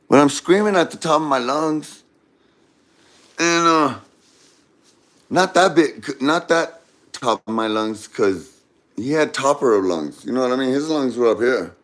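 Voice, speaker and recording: A man's voice: medium pitch, animated, takes it slowly, pauses often, fairly bright tone. A man telling a comedic story in a rambling way, mixing up names and correcting himself as he goes.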